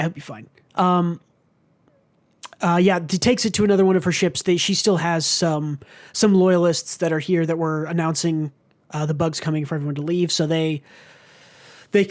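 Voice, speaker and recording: Podcast co-host, mid-pitched voice, loose rambling delivery, casual book club talk. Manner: rambling with many fillers, swears freely.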